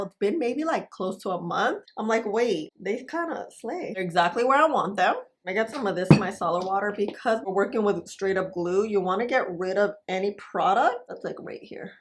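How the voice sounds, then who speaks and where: A young woman chatting through a makeup tutorial, bubbly and talking to her viewers like family. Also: medium pitch. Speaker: beauty vlogger. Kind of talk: casual makeup tutorial chat.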